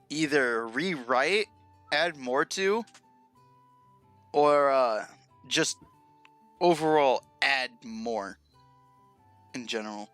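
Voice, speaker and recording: A man's voice: mid-range voice, bright, forceful tone, dry recording. A young man chatting casually on his writing livestream, laid-back and often laughing at himself. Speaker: streamer and writer.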